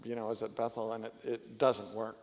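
Male panelist with a gravelly edge, chiming in agreeably, long hall reverb behind him. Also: on the low side, little pitch movement, fairly quick, a crowd in the background. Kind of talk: panel discussion on preaching.

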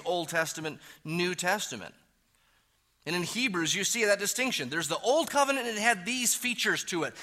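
A man preaching a sermon as pastor, stressing key words loudly and then dropping to hushed, low phrases.

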